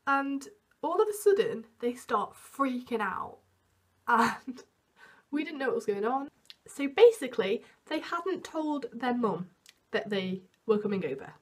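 High-voiced chatty young woman. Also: sing-song, measured pace, breathy edge. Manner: chatty, self-mocking, full of "like" fillers; acts out quotes with big jumps in pitch. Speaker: vlogger. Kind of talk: storytime chat to camera.

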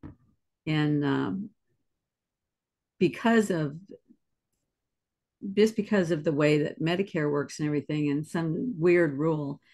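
Host, mid pitch; quiet, reflective storyteller in an interview. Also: slow, long pauses. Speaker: podcast host. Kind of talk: conversational interview.

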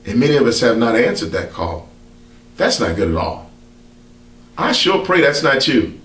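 A man preaching to the camera with a lively voice that rises and falls as he leans into his points. He peppers his talk with amens and hallelujahs in a loose, colloquial style. He stands set back from the mic in a roomy, echoing space. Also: medium pitch, moderate pace, distant mic. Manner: preacherly call-and-response, frequent amens. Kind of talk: sermon to camera.

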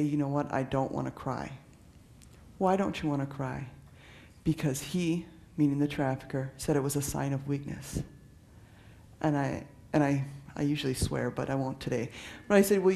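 A man's voice: on the high side, gravelly, darkish tone. A man who is a police officer giving an earnest, conversational public talk, often restarting and using fillers. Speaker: police officer speaking on trafficking.

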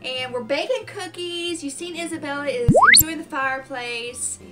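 A woman's voice: high voice, normal speed, over loud music. A woman chatting casually in a home vlog, gushing and exclaiming often. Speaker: vlogger.

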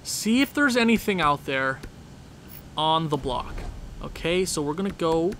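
Excitable man with a highish voice. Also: unhurried, slight background noise. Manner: excitable, talks to the game, bursts into shouting laughter. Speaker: gaming channel host. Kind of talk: casual gameplay commentary.

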